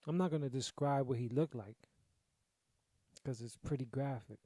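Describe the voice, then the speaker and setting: A man's voice: medium pitch, normal speed, dark tone, no room sound. A young adult man hosting a podcast, telling a sad personal story in a casual, profane, repetitive way, sounding grieving. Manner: profane, conversational, repeats himself. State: grieving, emotional. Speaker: podcast host.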